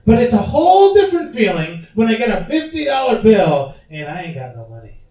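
A male pastor preaching a sermon in an animated, conversational way, often asking his congregation questions. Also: high voice, brisk. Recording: roomy hall, mic at a distance.

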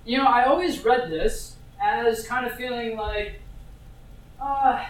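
A preacher tells a story in a loose, conversational way, full of fillers and little asides. The voice sits at a middling pitch and comes from a distance. It rings through a very reverberant hall, with a faint hiss underneath. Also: a little slow. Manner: chatty, with many fillers and asides to the audience. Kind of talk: casual conversational sermon.

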